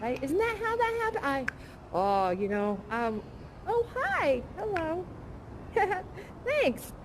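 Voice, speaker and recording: A gushing, giggly young woman chats on in a high voice that leaps up and down. She fills her talk with "like" and "you know" and laughs often. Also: huge pitch swings, takes it slowly, a little hiss or hum, exaggerated voice. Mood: bubbly. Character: bubbly, chatty young woman worker in an underworld. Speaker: live performer in a virtual reality show. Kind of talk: improvised live role-play with visitors.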